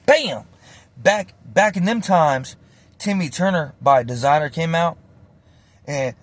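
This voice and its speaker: A man with a notably high speaking voice tells a story in a loose storytime style. His talk is slangy and animated, and he swears freely as he goes. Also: takes it slowly, pauses often, no echo. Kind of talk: casual storytime.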